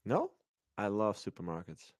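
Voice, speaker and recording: A man's voice: lowish voice, wildly swooping pitch, normal speed, background noise. A man co-hosting a livestream, chatting playfully and rambling with fillers. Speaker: livestream co-host. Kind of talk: casual livestream banter.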